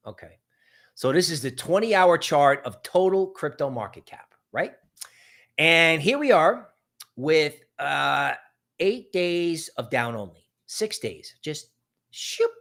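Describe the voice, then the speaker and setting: A man hosts a live market commentary stream, his voice sitting a little high for a man. He talks in an animated, sardonic way, tossing out quick asides and mocking voices. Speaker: crypto market livestream host.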